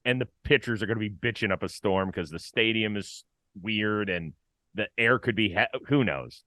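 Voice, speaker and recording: Bright-voiced male baseball show host. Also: on the low side, moderate pace, no room sound, studio quality. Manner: playful, stat-heavy, lively. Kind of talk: casual sports talk.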